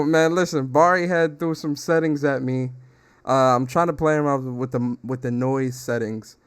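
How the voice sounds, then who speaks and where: A man's voice: medium pitch, normal speed, smooth. Hyped young man hosting a livestream. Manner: hyped, laughing, slangy shout-outs. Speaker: podcast host. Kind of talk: casual livestream chat. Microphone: desktop streaming mic.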